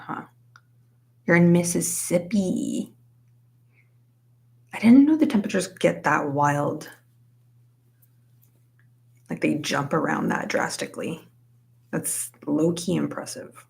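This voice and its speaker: A woman's voice: fairly low pitch, measured pace, vocal fry, long pauses, darkish tone. A young woman live streaming, chatting casually with viewers while she crochets, with lots of "like" fillers. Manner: chatty, says "like" a lot, reads out chat names.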